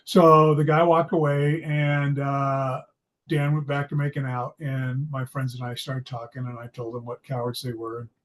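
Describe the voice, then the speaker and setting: A man's voice: medium pitch, level tone, measured pace, slight background noise. A man from Idaho telling a personal story from his school days in a casual, self-deprecating way. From Idaho, USA. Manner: anecdotal, self-deprecating humor. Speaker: storyteller, psychology video host.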